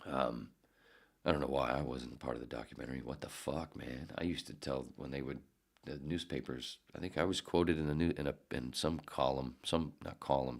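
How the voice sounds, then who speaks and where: A man's voice: extremely low pitch, vocal fry. A man in his fifties, a podcast host and former radio producer, tells rambling stories in a profane, digressive way, often correcting himself. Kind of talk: casual rambling storytelling.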